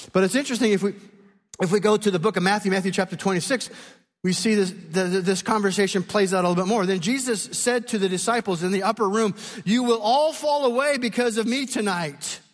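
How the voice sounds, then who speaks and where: A man preaching a sermon, retelling a story with lively, animated delivery and acted-out voices. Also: high voice, a little fast, long reverb tail. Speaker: pastor.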